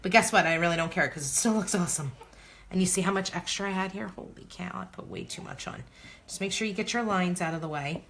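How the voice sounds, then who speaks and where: A woman's voice: on the low side, quick pace, fairly bright tone, a little hiss or hum. A woman in her thirties hosting a casual crafting tutorial, bubbly and exclamatory as she chats to viewers while she works. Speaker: craft video host.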